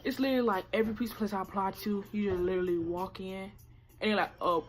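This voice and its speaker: A teenage woman telling a story to her camera, animated and profane, acting out what people said. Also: medium pitch, rapid-fire. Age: late teens. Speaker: vlogger. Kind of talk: casual storytime vlog. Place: indoor room by natural light.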